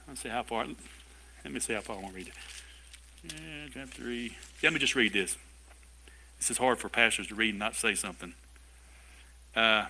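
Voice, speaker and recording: A man pastor preaching a sermon in a lively way, with asides and chuckles to his congregation. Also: mid-range voice, fairly quick, long pauses. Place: church service with a congregation.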